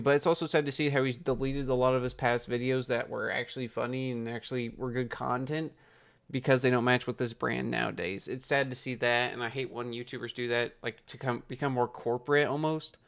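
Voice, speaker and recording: Gravelly young man ranting late at night. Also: mid-range voice, a bit bright. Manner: rambling, frustrated, swears freely. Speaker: YouTuber. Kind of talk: late-night casual vlog rant.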